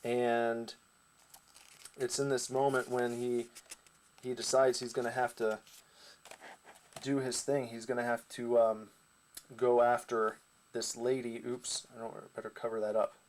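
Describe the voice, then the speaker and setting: A man's voice: mid-range voice, flat delivery, measured pace, pauses often, a little mellow. Casual rambling male comic narrator. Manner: rambling, casual, with fillers and asides. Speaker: comic creator.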